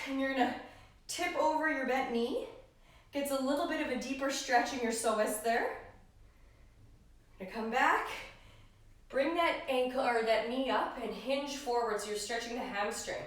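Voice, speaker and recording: High-voiced woman coaching a home workout. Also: measured pace, long pauses, recorded from a distance. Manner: encouraging, cueing breath and form. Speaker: fitness trainer. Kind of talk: live home workout instruction. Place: living room at home. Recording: very echoey room, voice off-mic.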